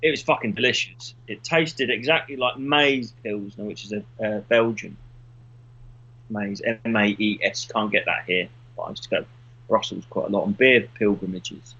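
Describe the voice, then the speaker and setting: A man's voice: fairly low pitch, normal speed, pushed and bright, breathy edge, highs cut off. A man, co-hosting a podcast in casual chat, rambling through stories and swearing freely. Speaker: podcast co-host.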